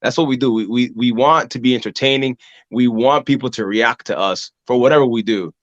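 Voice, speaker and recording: A man hosting a wrestling podcast, telling ring stories in a casual, animated way and acting out voices from the crowd. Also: mid-range voice, fairly quick, no echo, dull audio. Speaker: podcast host and pro wrestler. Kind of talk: casual conversation.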